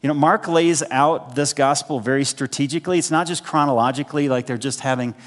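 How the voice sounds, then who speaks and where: Conversational man preaching in a reverberant hall. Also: medium pitch. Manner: conversational preaching, emphatic pauses. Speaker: pastor. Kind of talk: sermon.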